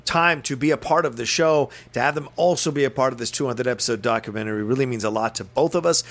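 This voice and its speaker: A man's voice: mid-range voice, quick pace, a bit bright. A man co-hosting a film podcast, thanking listeners in a heartfelt, expansive way. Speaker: podcast co-host. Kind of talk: closing remarks to listeners.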